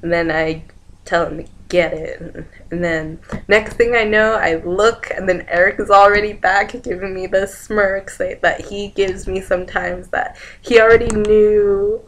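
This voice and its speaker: A woman's voice: mid-range voice, fairly even intonation, unhurried, a little hiss or hum. Rambling young woman retelling a dream. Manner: rambling, chains events with "and then", acts out quoted lines. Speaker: vlogger.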